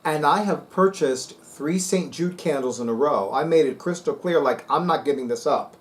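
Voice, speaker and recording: A sassy man hosting his own vlog, speaking with a fairly high voice. He talks in an emphatic, dramatic way and leans hard into his points. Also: moderate pace. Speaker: spiritual video host. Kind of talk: casual vlog chat.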